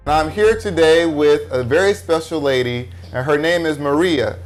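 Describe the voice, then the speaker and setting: Animated man telling stories over music. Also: on the high side, moderate pace. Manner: animated, laughing, acts out dialogue. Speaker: missionary and show host. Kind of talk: casual storytelling and interviewing.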